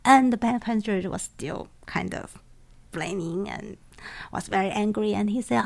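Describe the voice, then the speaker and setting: Creaky-voiced woman telling animated stories. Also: mid-range voice, normal speed. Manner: animated storytelling, acts out quoted voices, laughs often. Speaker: sociology professor and former flight attendant. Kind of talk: interview answers.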